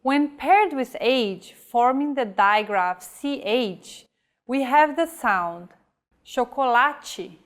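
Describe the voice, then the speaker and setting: Slow, careful woman teaching pronunciation. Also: high-pitched, expressive. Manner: slow, carefully enunciated example words. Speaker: language teacher. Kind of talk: scripted language lesson.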